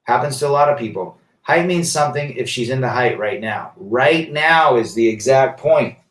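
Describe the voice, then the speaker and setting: A man's voice: mid-range voice, lively intonation, normal speed, recorded from a distance. Man live-streaming in a roomy echo. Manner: reads viewer comments aloud and riffs on them; emphatic, rhetorical questions. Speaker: livestream host reading chat. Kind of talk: casual live-stream commentary. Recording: roomy echo, set back from the mic.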